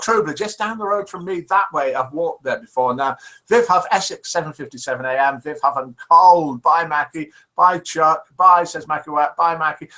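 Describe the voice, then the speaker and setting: Older midlands man hosting a call-in show, slightly high, bright, chatty, reads messages aloud. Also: normal speed, poor audio. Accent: English Midlands. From England. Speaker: host. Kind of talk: live call-in show chat.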